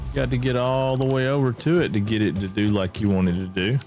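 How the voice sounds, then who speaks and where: A man's voice: on the low side, flat delivery, brisk, a little mellow, soft background music. A man giving chatty, folksy commentary as he streams a game live and talks with his chat.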